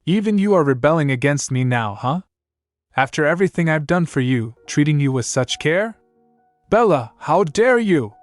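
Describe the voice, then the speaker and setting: A man's voice: a little high, a little fast, hardly any pauses, no room sound, pitched above the performer's own voice, lightly acted. A man voicing a furious, tyrannical older noble father who bellows in rage, over faint music. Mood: raging.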